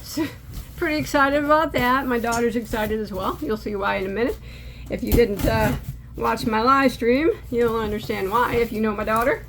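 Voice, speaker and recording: A woman's voice: on the high side, normal speed, noisy background. A middle-aged woman hosting a crochet channel, chatting casually from a cluttered room at home as she unboxes yarn, rambling and restarting her sentences.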